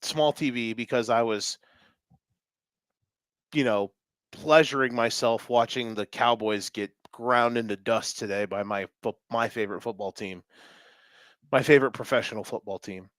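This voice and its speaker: A man co-hosting a sports podcast, talking fast and animated with swearing and jokes. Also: mid-range voice, no room sound. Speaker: podcast co-host. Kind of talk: excited sports talk.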